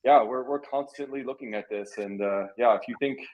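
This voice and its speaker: A man doing an impression of a blunt tech company boss in a put-on South African accent, halting and dismissive. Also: medium pitch, a little mellow, a little hiss or hum, lightly acted, poor audio. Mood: matter-of-fact. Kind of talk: comic impression on a livestream.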